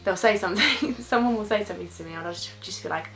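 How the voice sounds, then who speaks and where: A woman's voice: medium pitch, fast talker, fairly bright tone, soft background music, low-quality recording. A young British woman chatting casually as she answers viewer questions in a vlog, rambling and sometimes losing her train of thought.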